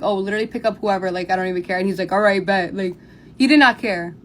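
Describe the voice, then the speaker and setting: A young woman chats straight into her phone camera, telling a story. Her talk runs loose and casual, full of "like" fillers and quick asides. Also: medium pitch, slight background noise. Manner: rapid, filler-heavy telling with many "like"s. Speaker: storytime vlogger.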